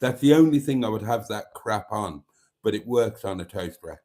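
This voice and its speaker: A man's voice: fairly low pitch, lively intonation, normal speed, mellow. A man hosting a casual live stream, reading out viewer comments in a chatty, wry and self-mocking way.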